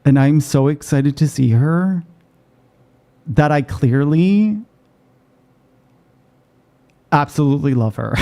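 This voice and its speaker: A man streaming a game, chatting rapidly and swearing freely as he plays. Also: a little high, animated, warm tone. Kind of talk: casual gaming commentary.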